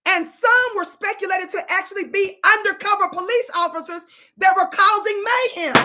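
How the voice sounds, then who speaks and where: Sassy black woman ranting at clips, real high voice, dramatic. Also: moderate pace, pushed and bright. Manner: sassy, scolding, dramatic asides. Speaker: commentator reacting to clips. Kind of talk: animated commentary chat.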